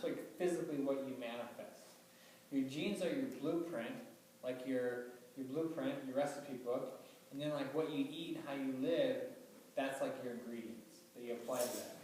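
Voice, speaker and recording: A fairly high-voiced man speaks as a doctor giving a loose, chatty lecture. He leans on fillers and keeps asking the audience questions. He is recorded from far off in a very echoey room, with a faint hum behind him. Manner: casual, filler-heavy, asks the audience questions. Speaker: doctor giving a health talk. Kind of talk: informal lecture to a live audience.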